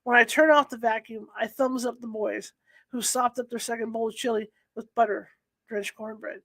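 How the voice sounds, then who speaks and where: A woman's voice: fairly high pitch, steady tone, normal speed, a bit bright, no echo. Woman reading a novel aloud. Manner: unpolished, restarts and corrects herself. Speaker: audiobook reader. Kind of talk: first-person novel reading.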